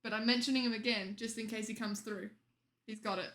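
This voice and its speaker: A woman's voice: fairly high pitch, fairly even intonation, brisk, fairly bright tone. A young woman streamer chatting casually with viewers late at night, teasing them and laughing often.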